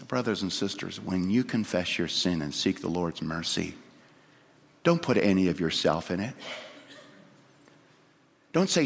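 A man preaching a sermon, telling a story dramatically and swinging from loud to hushed. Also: low-pitched, lively intonation, measured pace, gravelly, pauses often, slightly rough. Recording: long hall reverb.

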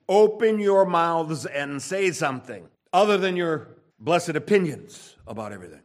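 A male pastor delivering a sermon in an emphatic preaching style. His voice sits a little high for a man and climbs higher when he presses a point, then drops soft and low. He keeps throwing rhetorical questions at the congregation. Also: sing-song, moderate pace. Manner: emphatic preaching with wide swings in pitch and loudness.

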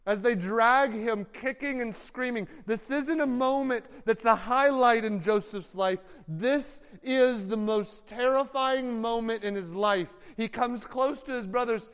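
A man's voice: very high-pitched, measured pace, few pauses, fairly bright tone, smooth. A man preaching a dramatic sermon, telling the story vividly and acting out the characters' voices. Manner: acts out scenes with voices for the characters. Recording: long hall reverb.

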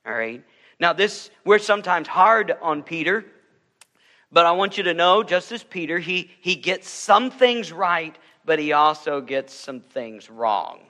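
A man's voice: on the high side, bright, forceful tone, big-room sound. A male pastor preaching an emphatic sermon in a church, building intensity with joking asides.

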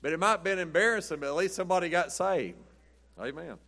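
A man's voice: high-pitched, lively intonation, fast, vocal fry, sharp tone. A man preaching a sermon in a folksy, rambling storytelling way, chuckling often. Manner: rambling, chuckling, says "but anyway" often.

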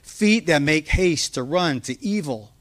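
Slow, earnest male preacher. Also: fairly high pitch, lively intonation, fairly bright tone, no echo. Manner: earnest, emphatic preaching with slowed, stressed key words. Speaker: pastor. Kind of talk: sermon. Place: church.

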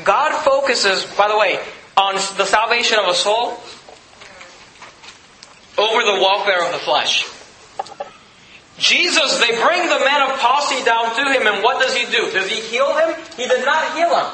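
A man preaching a sermon to his congregation, talking to them directly and pressing each point hard. His voice sits very high and cuts through brightly. The room around him rings with echo. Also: lively intonation, slight background noise. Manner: emphatic, conversational preaching with quick asides. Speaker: pastor.

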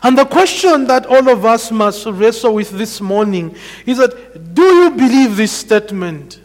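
A man preaching a sermon in a measured, emphatic way, repeating key phrases for weight. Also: extremely high pitch, expressive. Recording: long hall reverb.

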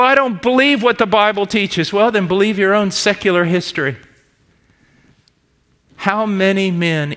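A middle-aged male preacher giving a sermon, shifting between loud, slow emphatic preaching and quiet personal storytelling. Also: a little high.

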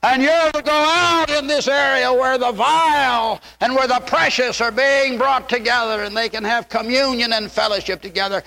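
A man's voice: extremely high pitch, fairly even intonation, normal speed, creaky, few pauses, bright, forceful tone. A man preaching a fervent sermon in a church, quoting scripture in old-style English. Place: church sanctuary. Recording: long hall reverb.

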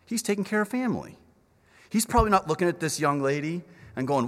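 An animated male preacher delivers a sermon, slipping into quick voices for the people in the story. His voice sits a bit high and swings widely in pitch. The sound carries a long hall reverb, as in a church. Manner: animated, acts out the characters in voices.

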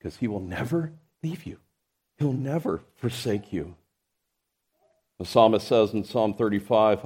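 A man's voice: fairly low pitch, animated, unhurried, darkish tone, husky. A man preaching a sermon to his congregation, building emphasis through his points and often restarting mid-phrase. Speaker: pastor.

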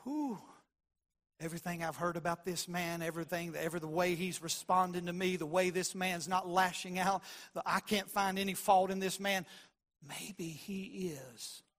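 A man preaching, voicing a shaken Roman governor who muses aloud in a hushed, hesitant way. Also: high voice, fairly even intonation, moderate pace, pitched below the performer's own voice. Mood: awed.

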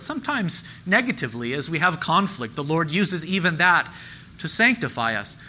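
A man's voice: on the high side, pushed and bright, slight background noise, poor audio. A man preaching a sermon as pastor, earnest and emphatic, repeating key phrases and lifting his voice on questions.

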